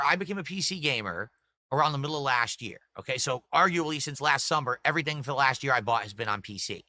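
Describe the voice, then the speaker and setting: This middle-aged livestream host has a fairly high, bright, forceful voice, recorded with no echo. Rambling casually, he talks to his chat and reads out the messages and tips viewers send.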